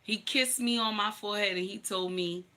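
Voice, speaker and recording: A woman's voice: medium pitch, fairly even intonation, moderate pace, bright, forceful tone. A woman hosting a livestream and telling her own story to viewers, blunt, emphatic and profane, calling her listeners honey. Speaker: livestream host.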